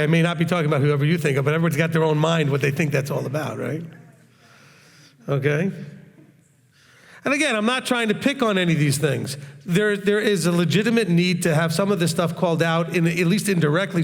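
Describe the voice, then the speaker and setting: A man teaching in a blunt, straightforward way. His voice sits a little high and has a gravelly edge. The sound rings with a long reverb, like an echoey hall. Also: fast. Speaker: rabbi teaching a Q&A session.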